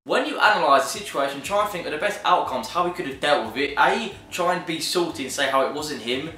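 A chatty, jokey man hosts a commentary vlog, his voice lively and a little high as it swings up and down. He sounds set back from the mic in a roomy, echoey space. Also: fast, far from the mic, slight background noise. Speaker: YouTube commentary host. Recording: echoey room, voice a bit off-mic.

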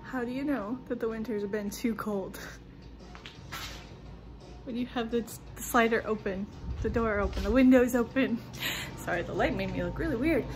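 A chatty woman with a fairly high voice talks straight to her viewers in a loose, rambling way. She giggles between thoughts and drifts easily from one remark to the next. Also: poor audio. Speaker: vlogger. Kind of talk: casual vlog chat.

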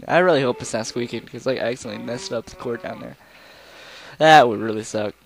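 Talking fast in a gravelly, medium-pitched voice, a young let's player rambles casually through his game. Every so often he bursts into fragments of songs.

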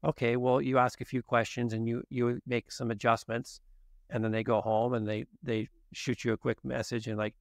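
A man's voice: medium pitch, level tone, normal speed, creaky, dry recording, studio quality. A man as a guest expert on a podcast interview, explaining in detail and acting out exchanges with patients. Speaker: guest expert on genetics and nutrition.

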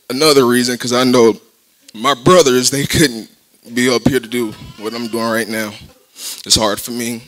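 A man giving a halting eulogy for a teammate at a memorial service, with laughs between his thoughts. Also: medium pitch, fairly bright tone, rough recording.

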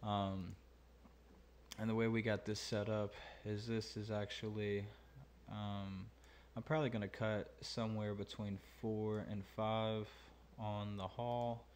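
A man's voice: lowish voice, little pitch movement, slow, a little mellow, a little hiss or hum. A man hosting a mixing tutorial, talking casually and thinking aloud with many fillers. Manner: laid-back, thinking aloud with many ums and uhs. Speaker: mixing engineer and channel host.

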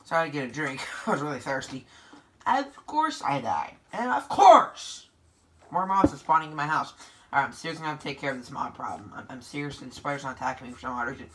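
A woman hosting a gameplay video, giving excitable, sarcastic running commentary to her viewers. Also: very deep voice, rapid-fire, a little hiss or hum.

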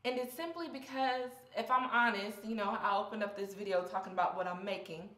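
A woman's voice: medium pitch, fairly quick, sharp tone, reverberant. A young woman vlogging candidly about her faith, heartfelt and close to tears, in a casual, slangy way. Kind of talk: personal faith vlog.

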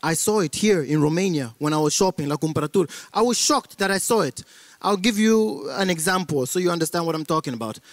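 A man's voice: fairly high pitch, animated, fast talker, no echo. A man from Africa who grew up in Belgium, doing stand-up comedy in a playful way and mixing in Romanian words.

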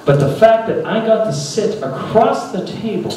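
Animated thirties male stand-up comedian. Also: sits high, normal speed. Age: 30s. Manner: animated storytelling, laughing at his own lines. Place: small comedy venue stage. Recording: echoey room from far off, loud noise.

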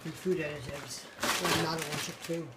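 A woman's voice: low-pitched, steady tone, normal speed, very noisy. A tired woman doing a casual food-tasting vlog at home, blunt and candid, talking with her mouth full into a phone camera. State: tired late at night. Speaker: food vlogger. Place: home, indoors.

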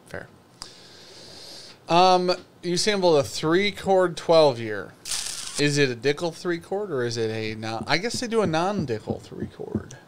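A man's voice: fairly high pitch, very animated, a little slow, slight background noise. A man co-hosting a live whiskey show, chatting casually in a loose, joking, rambling way. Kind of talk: casual live-stream chat.

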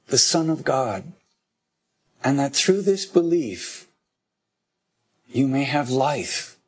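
A man reads a gospel passage in a solemn, measured way. His voice is husky, and every phrase is drawn out very slowly. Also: mid-range voice. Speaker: gospel reader. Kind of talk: solemn scripture reading.

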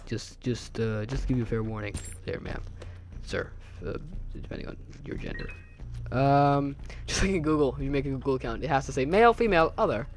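A young man giving rambling, jokey commentary while playing a video game, talking to himself and easily startled. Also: medium pitch. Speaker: gameplay commentator. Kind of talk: casual let's-play commentary.

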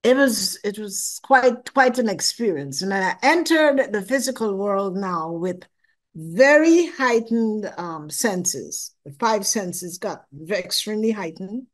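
A woman's voice: mid-range voice, slow pace. An older woman telling her story as an interview guest, acting out her own past thoughts and laughing now and then. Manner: expressive, acts out her own past thoughts, laughs often, repeats words. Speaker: interview guest recounting a near-death experience. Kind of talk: animated personal storytelling.

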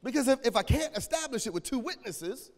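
High-voiced preacher man, aave, goes quiet then shouts, voice cracking, big echoey hall. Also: lively intonation, a little fast. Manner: preaching with call-and-response and sudden shouts. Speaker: pastor. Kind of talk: sermon.

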